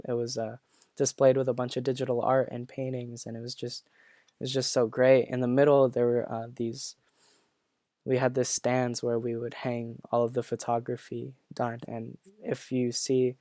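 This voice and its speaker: Young guy talking slow and halting, lots of ums, kinda choked up, flat voice, dry sound. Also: medium pitch, no room sound. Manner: halting, full of fillers and restarts, earnest. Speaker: former classmate sharing memories. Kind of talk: personal reflective talk.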